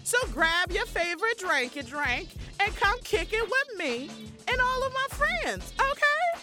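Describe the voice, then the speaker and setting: Bubbly high-voiced woman podcast host. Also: measured pace, over loud music. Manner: bubbly, giggly, animated hype. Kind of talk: casual podcast intro. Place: Chicago.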